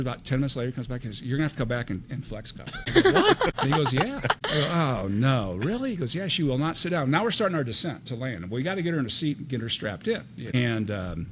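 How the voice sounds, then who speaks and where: A man's voice: mid-range voice, slight background noise. An older man, a retired airline captain, telling stories in a casual podcast interview and acting out the dialogue. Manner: animated anecdote teller, acts out quoted dialogue.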